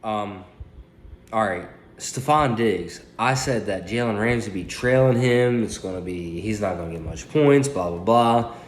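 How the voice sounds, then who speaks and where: A man's voice: on the low side, unhurried, slight background noise. Casual fantasy football recap, cussing dude in his late twenties, phone mic, roomy echo. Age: late 20s. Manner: profane, loose, trash-talking. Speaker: fantasy football league commentator. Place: indoors, phone propped on paper towels.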